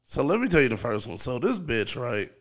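A man's voice: mid-range voice, very animated, a little fast, a bit bright. A man guesting on a casual podcast, talking in blunt, profane, teasing banter.

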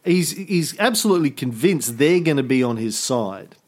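A man's voice: mid-range voice, lively intonation, moderate pace. A man co-hosting a history podcast, talking casually with sarcastic jokes and many fillers. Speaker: podcast co-host.

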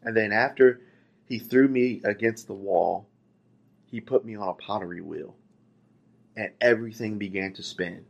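A preacher voicing a talking teacup telling its story. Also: male voice, fairly low pitch, normal speed, vocal fry, long pauses, muffled recording. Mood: recounting. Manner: pleading storytelling in first person. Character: talking antique teacup recalling being shaped by a potter. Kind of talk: sermon illustration.

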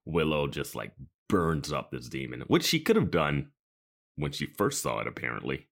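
A man's voice: very deep voice, big pitch swings, moderate pace, vocal fry. A man co-hosting a podcast, giving sarcastic, opinionated commentary in casual chat. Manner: sarcastic, opinionated, trails off softly. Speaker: podcast co-host.

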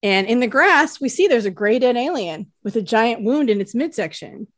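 A woman co-hosting a podcast, retelling a TV episode scene by scene in relaxed, casual narration. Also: a little high, moderate pace, dry recording, clean studio sound. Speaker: podcast co-host. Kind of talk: casual recap chat.

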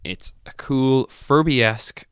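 A man's voice: mid-range voice, takes it slowly, a bit bright, clean tone, no room sound, clean studio sound. A man co-hosting a comedy podcast, casual and hedging with filler words. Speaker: podcast co-host.

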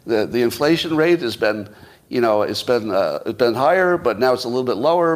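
A man's voice: mid-range voice, animated, brisk. A man hosting a solo podcast, giving casual, opinionated political commentary with frequent restarts. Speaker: podcast host.

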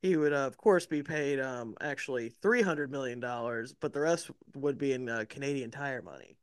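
A man co-hosting a podcast, goofy and quick to laugh in casual chat. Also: mid-range voice, clean tone, no echo, clean studio sound. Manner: goofy, laughs often, drawn-out. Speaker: podcast co-host.

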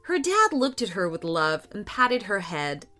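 A woman narrating a children's story with a warm, expressive and animated delivery. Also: mid-range voice, a little slow, faint music behind. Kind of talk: scripted storytelling for kids.

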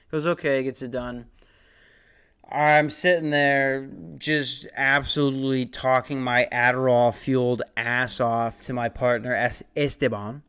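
A young man in his twenties spins a long, rambling comic story on his podcast, swearing freely and mocking himself. His voice is smooth and resonant, pitched in a middle range for a man. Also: flat delivery, unhurried, a bit bright. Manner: rambling, profane, self-mocking. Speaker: podcast host.

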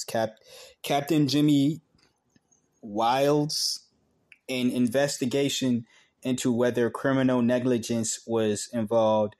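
A man reading a news article aloud in a slow, halting way, breaking off for blunt, profane asides. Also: mid-range voice, darkish tone. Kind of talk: casual commentary reading aloud.

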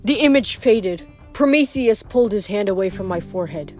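A woman reading a novel aloud, briskly and expressively. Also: mid-range voice, lively intonation, warm tone, faint music behind. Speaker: reader.

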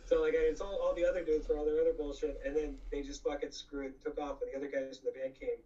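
A man's voice: on the high side, little pitch movement, fast, mellow. A man who fronted a punk band tells rambling, profane stories in casual conversation, laughing often and filling his talk with "like" and "you know.". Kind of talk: casual anecdotal storytelling. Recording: slightly distant, dull lo-fi mic.

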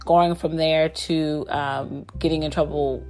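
A woman's voice: low-pitched, fairly even intonation, slow, darkish tone, soft background music. A woman casually recapping a TV drama, chatty, full of fillers and restarts, often laughing. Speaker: drama reviewer.

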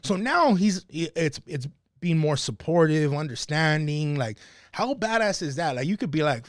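A fired-up man talks through a story in casual podcast chat, cursing freely. His voice sits a little high for a man. The dry, close mic keeps the room quiet. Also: expressive, moderate pace, no echo. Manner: passionate, swearing, tells stories. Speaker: podcast guest.

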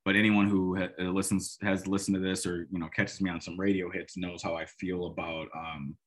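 A man with a low, husky voice breaks down football in a loose, rambling monologue. He is emphatic and opinionated, often restarting sentences and tossing in sarcastic asides. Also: level tone, fairly quick. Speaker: sports podcast host. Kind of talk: casual solo football analysis.

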